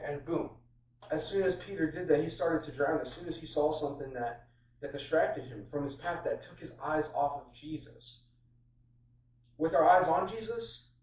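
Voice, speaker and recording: A man's voice: fairly high pitch, normal speed, pauses often, a little mellow. A man giving an informal sermon on a Bible passage, conversational and full of fillers and restarts. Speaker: preacher. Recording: roomy, distant, dull sound.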